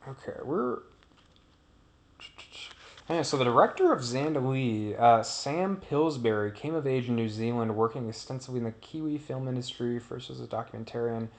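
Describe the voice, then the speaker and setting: A man's voice: medium pitch, lively intonation, normal speed. Rambling man commenting on gameplay. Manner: rambling, digressive, trails off. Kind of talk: casual commentary over gameplay.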